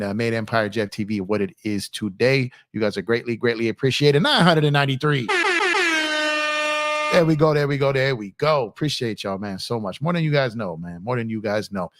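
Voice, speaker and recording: Young male streamer, relaxed chatty delivery, repeats himself for emphasis, dry mic. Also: mid-range voice, no room sound. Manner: conversational, repeats phrases for emphasis, addresses chat as man and y'all. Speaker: livestream host. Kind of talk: casual live-stream chat reading viewer comments.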